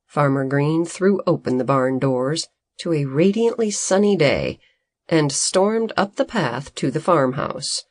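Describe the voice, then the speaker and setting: A woman narrating a children's storybook in an expressive, unhurried manner. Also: low voice, no room sound. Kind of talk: storybook reading.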